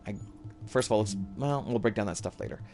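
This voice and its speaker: A man's voice: lowish voice, expressive, fast talker, darkish tone, soft background music. A man streaming a video game from home, giving loose live commentary that often trails off and corrects itself. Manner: rambling, loose and self-correcting.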